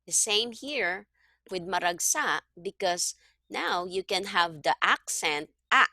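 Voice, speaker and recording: Woman, Tagalog tutor, bright clear tone, dry close sound, patient, keeps asking "okay?". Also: fairly low pitch, expressive, slow pace, no room sound. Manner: patient, checks understanding with frequent "okay?". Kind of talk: one-on-one online language lesson.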